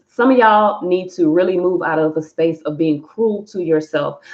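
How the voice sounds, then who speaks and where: A woman's voice: lowish voice, echoey room, dull audio. A woman giving a live collective tarot reading to her viewers, talking candidly and emphatically with casual swearing. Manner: candid, profane, emphatic, addresses viewers as y'all. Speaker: tarot reader.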